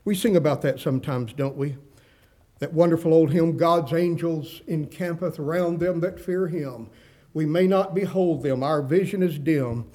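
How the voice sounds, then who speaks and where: A man's voice: a little high, moderate pace, warm tone. A male pastor preaching a sermon, reading scripture aloud and acting out the quoted voices with rising emphasis.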